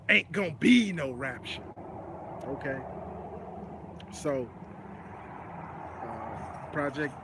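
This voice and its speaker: A man's voice: medium pitch, a bit bright, a little hiss or hum. A man from the Dallas-Fort Worth area hosting casual live news commentary, telling stories in a loose conversational way with preachy asides and plenty of "you know what I'm saying". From Dallas-Fort Worth area, Texas. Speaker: host of a commentary channel.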